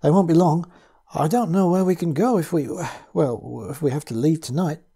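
A man reading as a jumpy family man, scared out of his wits, stumbling nervously through his words. The voice is warm and husky, with a mellow, soft tone. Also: a little high, voice pushed up. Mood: anxious. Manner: nervous, halting speech. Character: frightened, jumpy middle-aged family man.

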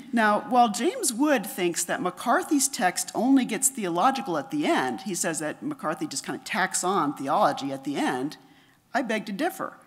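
A middle-aged woman giving a conference lecture, reading her paper in a measured way and dropping softer for quotations. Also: mid-range voice, big pitch swings, husky. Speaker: conference speaker.

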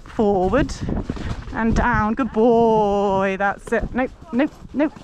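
A woman's voice: fairly high pitch, slow. A woman with an easy, chatty manner, talking casually while riding a horse in the countryside and coaxing it along. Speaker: equestrian vlogger. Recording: loud outdoor noise, hoofbeats.

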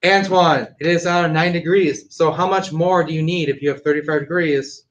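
A male math teacher speaking loudly through a mask, firm and drilling his class. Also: fairly high pitch, fairly even intonation, moderate pace, far from the mic, lo-fi sound. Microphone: masked, mic at a distance. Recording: echoey classroom.

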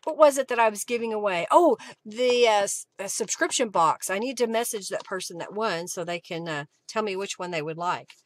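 A woman's voice: mid-range voice, lively intonation, a little fast, hardly any pauses, dry recording. A woman hosting a live craft session, chatting casually and reading viewer comments aloud with frequent laughs. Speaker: craft livestream host.

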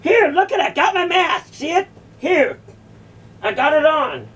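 A woman's voice: high-pitched, sing-song, measured pace, a bit bright, recorded from a distance. A woman delivering a confrontational, mocking monologue, sarcastically repeating phrases back. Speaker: video creator confronting a church.

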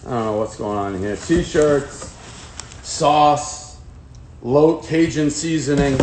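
Man host, slightly high voice, profane and jittery, riffing through a casual unboxing; light background noise. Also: slow. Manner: profane, excitable, jittery running commentary. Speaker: host unboxing fan mail.

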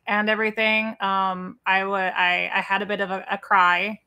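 A woman talks casually on a livestream, rambling through stories with plenty of fillers. Her voice is bright and mid-pitched. She addresses viewers directly and loosely. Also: little pitch movement, normal speed. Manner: chatty, rambling, filler-heavy. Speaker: co-host of a livestream watch party.

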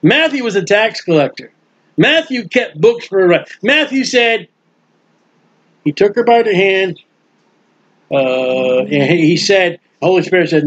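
A man teaching a Bible study sermon in a lively, animated way, playing out the voices of people in the story. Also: high voice, measured pace, long pauses. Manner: animated, acts out bystanders' mocking voices. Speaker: preacher. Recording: dull lo-fi recording.

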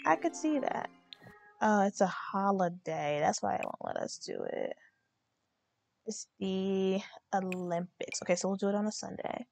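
A woman's voice: mid-range voice, big pitch swings, normal speed, vocal fry, darkish tone. Chatty young woman playing a game. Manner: chatty, slangy. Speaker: let's play host. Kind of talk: casual game commentary.

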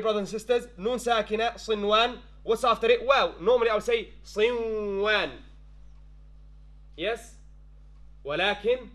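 A man's voice: high voice, fairly bright tone. A male tajweed teacher giving a classroom lesson, quizzing students with frequent checks and mixing in Arabic phrases. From London-based.

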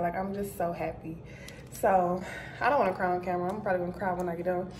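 A woman vlogger chatting casually to camera, animated and talkative. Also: fairly low pitch, fast, echoey room, slight background noise. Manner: chatty, animated, addresses viewers as y'all. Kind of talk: casual vlog chat to camera.

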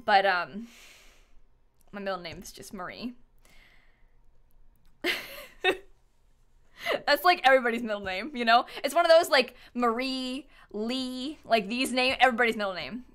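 A woman's voice: a little high, lively intonation, a little slow, pauses often, a bit bright, clean tone. A young adult woman chatting casually and rambling with her live stream viewers, giggling often and using plenty of fillers. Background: faint music.

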